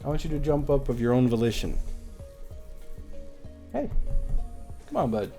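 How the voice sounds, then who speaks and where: A man's voice: mid-range voice, big pitch swings, moderate pace, warm tone, soft background music. A man streaming a game live, chatting casually and animatedly with his viewers, swearing now and then. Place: at home.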